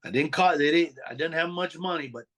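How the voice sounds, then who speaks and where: A man's voice: fairly high pitch, fairly quick. A man from Denver, a former mob associate and motivational speaker, telling his life story as a guest in an interview and acting out the people he quotes. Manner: animated storyteller who acts out the people he quotes.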